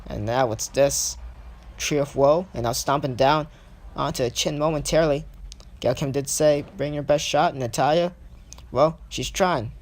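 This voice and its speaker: A man's voice: mid-range voice, a little slow. A young man giving casual, self-correcting play-by-play commentary over his own game footage. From not British. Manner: hesitant, self-correcting, thinks aloud.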